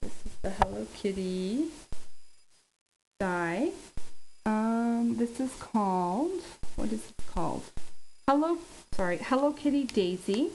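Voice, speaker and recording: Woman, middle pitch, casual craft vlogger, halting and chatty, faint hiss. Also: a little mellow, low-quality recording. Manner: chatty, halting with many ums.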